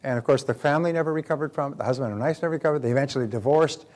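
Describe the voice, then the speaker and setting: A man's voice: medium pitch, racing, darkish tone. Older man giving a motivational talk. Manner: repeats and restarts words, acts out quoted voices. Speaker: motivational speaker. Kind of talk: seminar talk.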